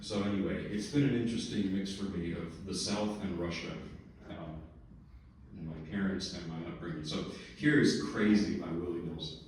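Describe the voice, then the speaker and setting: Low-voiced male pianist, relaxed anecdotal talk from the stage, recorded from afar in a reverberant hall. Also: moderate pace, far from the mic. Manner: relaxed storytelling with laughs and asides. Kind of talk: lecture-recital remarks. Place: recital hall.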